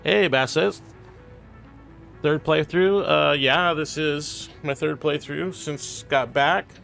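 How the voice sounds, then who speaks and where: Guy streaming a game, gravelly voice, mumbles to himself then talks to chat, faint music behind. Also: on the high side, slow pace, a bit bright. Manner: mutters half-sentences to himself, then chats to viewers. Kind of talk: casual live-stream commentary while playing.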